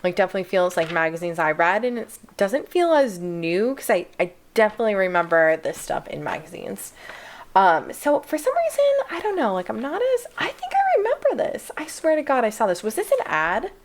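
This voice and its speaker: A young woman vlogging as she unboxes and reacts, excited and chatty, with "like" in nearly every phrase. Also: mid-range voice, brisk, background noise. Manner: excited, chatty, full of "like" fillers.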